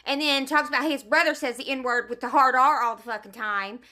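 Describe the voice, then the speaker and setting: A woman giving a fired-up, foul-mouthed commentary rant. Her voice sits high and sounds sharp and bright, and she hammers each point with emphatic, heated force. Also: steady tone, a little fast. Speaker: commentary vlogger. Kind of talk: ranting commentary.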